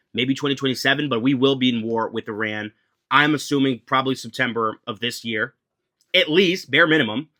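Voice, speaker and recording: Blunt, bright-voiced man ranting profanely. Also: mid-range voice. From United States. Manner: blunt, profane and heated, repeating points for emphasis. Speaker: political commentator. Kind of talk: casual political rant.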